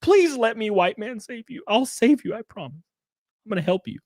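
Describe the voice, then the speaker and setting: A man doing a whiny, self-righteous savior who begs and lectures in a mocking impression. The voice sits high and swoops about. It sounds close and dry. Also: big pitch swings, normal speed, a little mellow, no room sound. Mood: pleading. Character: pleading preachy male savior type.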